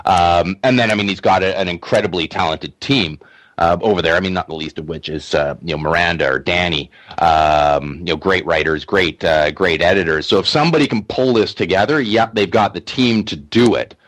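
A man co-hosting a radio talk show, chatting in an easygoing way. He hesitates often, repeating words and adding fillers. His voice sits on the low side. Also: brisk, fairly bright tone.

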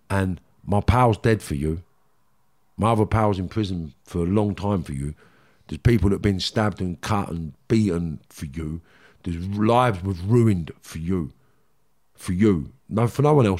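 A man's voice: sits low, a little slow, a little mellow. An intense man, speaking with blunt, raw feeling and frequent swearing. He circles back and repeats his points as he talks. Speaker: guest, former criminal. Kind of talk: emotional interview storytelling.

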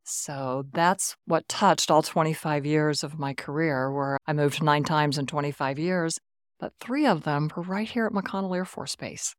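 A woman's voice: low voice, unhurried, no echo, clean studio sound. A woman in her sixties from Texas, a retired Air Force officer telling stories as a podcast guest. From Texas, USA. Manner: warm, animated anecdotes with quoted dialogue. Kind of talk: conversational storytelling.

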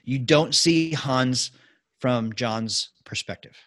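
A man's voice: medium pitch, slow. A man co-hosting a podcast, telling a behind-the-scenes movie story in casual chat. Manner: lively, animated storytelling. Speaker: podcast co-host.

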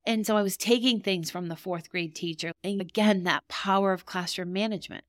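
A woman's voice: medium pitch, fairly even intonation, brisk, no room sound, clean studio sound. A middle-aged woman hosting a podcast, telling a personal story in a candid, emotional, rambling way. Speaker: podcast host.

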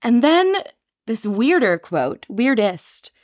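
A woman's voice: on the high side, very animated, takes it slowly, darkish tone, dry recording, studio quality. A woman co-hosting a casual podcast chat, reading out quotes with wry, playful commentary. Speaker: podcast co-host. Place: Paris.

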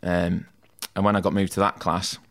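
A man with a low voice, talking easily and at length about his past. He fills his stories with "like" and "mate" and pokes fun at himself. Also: flat delivery, moderate pace, a bit bright. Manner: chatty, self-deprecating, says "mate" and "like" a lot. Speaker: podcast guest, tattoo artist. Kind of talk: casual storytelling in an interview.

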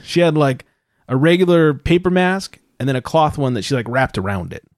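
Male podcast co-host, a bit high-pitched, dry close sound, swears freely and tells stories animatedly. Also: a little fast, dry recording. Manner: profane, animated storytelling with loud quoted outbursts. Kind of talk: casual chat.

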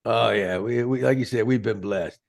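A man hosting a podcast chat, animated and folksy, often repeating his words. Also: mid-range voice, moderate pace, vocal fry. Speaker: podcast host. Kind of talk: casual chat.

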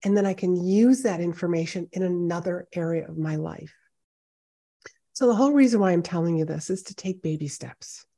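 A woman with a lowish, warm voice speaks at a moderate pace. She hosts a solo podcast as a speaking coach, giving an encouraging, conversational pep talk aimed straight at the listener. She records from a home office with high ceilings and hardwood floors.

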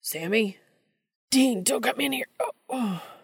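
A woman's voice: fairly high pitch, animated, takes it slowly, slightly rough, no room sound, clean studio sound, voice pushed up, exaggerated voice. A woman doing a flustered whining young man. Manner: whiny, breathless, raised.

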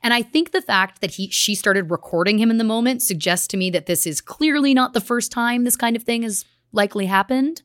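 A woman's voice: fairly high pitch, brisk, few pauses, fairly bright tone, dry recording, clean studio sound. Woman narrating a true crime story. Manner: earnest, reading case details with grave emphasis. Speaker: podcast co-host.

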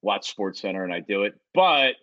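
A man's voice: fairly low pitch, very animated, moderate pace, a bit bright, no echo, dull audio. A man guesting on a sports podcast, chatting in a laid-back, joking way. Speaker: guest sports radio host. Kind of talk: casual chat.

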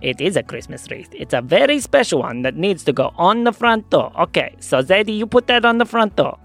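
A man voicing a mischievous grown-up male trickster for a children's Christmas story, excitable and playful. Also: high voice, fairly quick, creaky, faint music behind, voice pushed up, heavily acted. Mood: scheming.

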